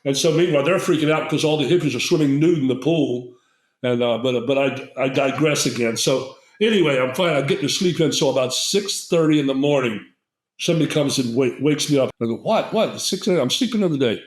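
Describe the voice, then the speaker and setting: An older guest herbalist tells a long, wandering story during a casual interview, acting out the quotes of the people involved. His medium-pitched voice moves fairly quickly, captured in a low-quality recording of an echoey room.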